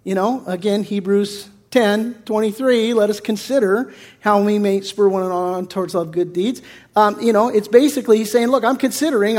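A male pastor preaching a sermon in a casual, conversational way, acting out quotes as he goes. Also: high voice.

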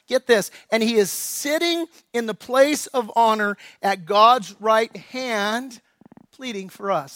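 High-voiced preaching pastor, dry sound. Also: male voice, no echo. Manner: impassioned preaching, swings between loud emphasis and hushed, slow appeals. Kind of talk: sermon. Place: church.

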